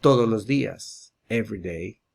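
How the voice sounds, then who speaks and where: A man teaching a Spanish grammar lesson, slowly drilling verb forms one at a time. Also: lowish voice, lively intonation, creaky, a little mellow, husky. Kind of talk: slow explanatory grammar lesson.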